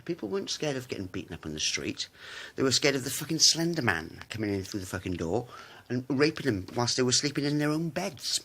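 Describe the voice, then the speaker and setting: Man, rambling profane rant, husky and very animated in pitch. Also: a little fast. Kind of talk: casual rant to camera.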